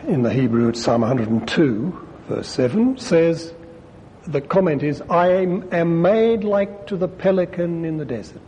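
A man, a priest giving a conversational sermon with wry asides, reading quotations aloud and rising in pitch for emphasis. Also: animated, unhurried, mellow. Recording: long hall reverb, faint low rumble.

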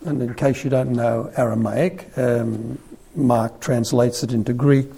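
Male preacher, husky and mellow, chatty sermon delivery. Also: medium pitch, measured pace. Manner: conversational, animated storytelling. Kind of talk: sermon on the Gospel.

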